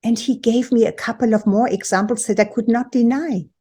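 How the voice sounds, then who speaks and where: A woman in her sixties from Europe, hosting a personal talk for viewers in a deliberate, emphatic storytelling manner. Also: a little high, fairly even intonation, warm tone, breathy edge. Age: 60s. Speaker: host and women's empowerment coach.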